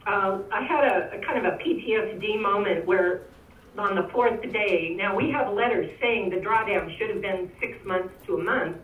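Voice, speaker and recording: A woman's voice: medium pitch, normal speed. A woman speaks at a public meeting, emotional and pleading as she makes her comment. Her voice comes through thin and phone-like. It sounds far from the mic in an echoey room.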